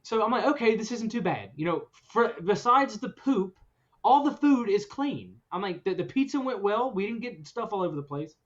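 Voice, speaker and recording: A man with a notably high voice spins a story for his podcast co-hosts, animated and breaking into laughs along the way. The recording is muffled and lo-fi. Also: moderate pace. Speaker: podcast host. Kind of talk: casual storytelling chat. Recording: dull lo-fi recording.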